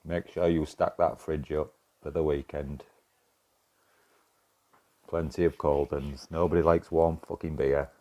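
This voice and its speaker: A man with a broad Yorkshire accent and a notably low voice, chatting loosely with his viewers during a live game stream. He swears freely and keeps up easy banter. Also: little pitch movement, measured pace, pauses often, dark tone. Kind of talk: casual live-stream chat.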